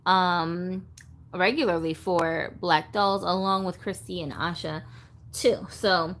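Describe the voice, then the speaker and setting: A woman's voice: lowish voice, fairly even intonation, takes it slowly, fairly bright tone, a little hiss or hum. A woman hosting a casual doll-collector livestream, chatting in a rambling, easygoing way and reading viewer comments aloud.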